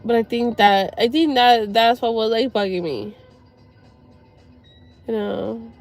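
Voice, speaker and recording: High-voiced woman, tearful and rambling. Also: soft background music. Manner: rambling, sweary, halting with sighs. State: near tears. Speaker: livestreamer. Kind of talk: emotional personal talk to viewers.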